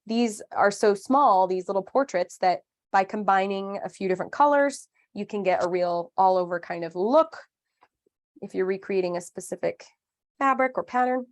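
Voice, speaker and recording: Teaching a live craft lesson online, a woman in her thirties speaks at a normal speed with a medium-pitched voice. Her manner is chatty and upbeat, with playful asides as she explains each step at a friendly, conversational pace.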